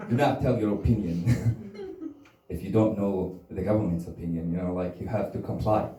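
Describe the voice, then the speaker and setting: Rambling, crude comedian in a roomy room. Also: male voice, on the low side, wildly swooping pitch, measured pace, long pauses, a crowd in the background. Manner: crude, rambling, laughs at own jokes. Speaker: stand-up comedian. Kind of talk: stand-up comedy set. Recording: roomy, from a distance.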